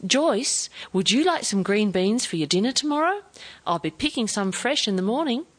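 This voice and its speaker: A woman's voice: fairly high pitch, expressive, moderate pace, voice pushed up. A woman voicing a cheerful, hearty middle-aged husband. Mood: jovial.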